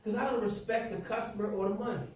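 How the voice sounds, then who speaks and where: A man's voice: high voice, fairly even intonation, fast talker, darkish tone, slight background noise. A man teaching a class, lecturing with role-play and quizzing students in call-and-response. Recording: echoey classroom from far off.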